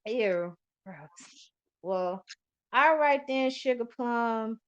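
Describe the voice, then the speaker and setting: A woman's voice: a little high, expressive, very slow. A woman hosting a podcast in loose casual chat, rambling and swearing freely with lots of fillers. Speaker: podcast host. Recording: lo-fi muffled audio.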